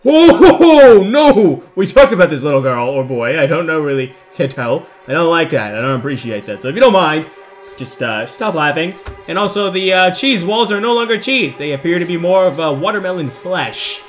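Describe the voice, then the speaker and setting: A young man talks over a horror game in a loose, joking ramble. His voice sits a little high and swings widely in pitch. He bursts into nervous yelps when something startles him. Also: expressive, fairly quick, a bit bright, soft background music. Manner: jokey rambling, nervous outbursts. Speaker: gaming YouTuber.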